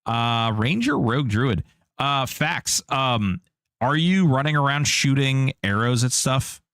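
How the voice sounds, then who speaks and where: A man's voice: mid-range voice, expressive, slow pace, fairly bright tone, no room sound, clean studio sound. A man streaming an online game, chatting casually and joking while answering his chat. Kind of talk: casual live-stream commentary.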